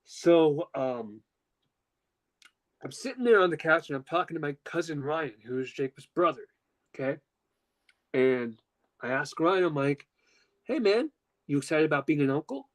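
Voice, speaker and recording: Animated storytelling man, lively pitch. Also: normal speed, pauses often, rough recording. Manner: animated, acts out quotes with pitch jumps, swears casually. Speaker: podcast host. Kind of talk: casual storytelling chat.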